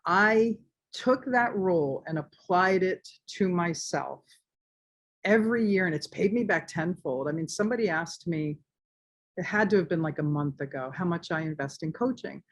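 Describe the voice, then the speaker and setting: A woman hosting a podcast, speaking in an energetic, emphatic, casual way. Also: fairly low pitch, normal speed. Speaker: podcast host. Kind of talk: casual conversation.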